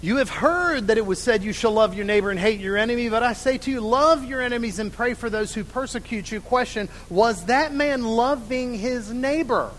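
High-voiced man teaching scripture in a hall. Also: a bit bright, a little hiss or hum. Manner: asks questions and pauses, then answers them himself. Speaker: Bible teacher. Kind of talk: Bible lesson with questions to a class.

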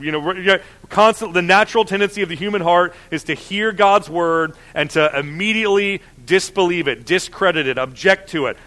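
A man's voice: fairly high pitch, steady tone, brisk, sharp tone. A man preaching a sermon in a conversational way, often acting out the voices of objectors. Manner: conversational, with frequent fillers and mock voices of objectors.

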